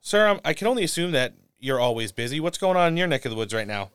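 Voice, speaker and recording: A man's voice: medium pitch, big pitch swings, fast, a bit bright, clean tone, dry recording, studio quality. A man hosting a talk show, chatting loosely and swearing offhandedly. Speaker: podcast host. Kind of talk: casual talk show chat.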